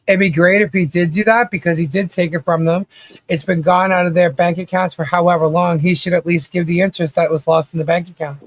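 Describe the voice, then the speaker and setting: In a casual livestream commentary, a man with a notably high voice rants bluntly and swears freely, reading out viewer chat comments between points. His tone is offhand and conversational, his intonation fairly even, and his pace fairly quick.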